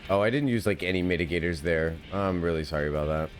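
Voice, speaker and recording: A man with a fairly low voice streams an online game live. He chats and laughs easily with his viewers and teammates. Game music plays faintly behind him. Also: quick pace. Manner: chatty, giggly, talks to chat and teammates. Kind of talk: live gameplay commentary.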